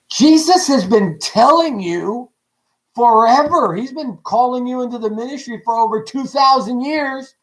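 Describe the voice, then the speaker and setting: A man preaching on a livestream in a lively, joking way, asking his audience many questions. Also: sits high, fast, low-quality recording. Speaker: pastor. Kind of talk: livestreamed ministry teaching.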